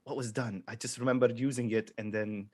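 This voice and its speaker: Halting man playing a tabletop game. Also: mid-range voice, fairly even intonation, dark tone, dry recording. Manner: halting, unsure. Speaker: player.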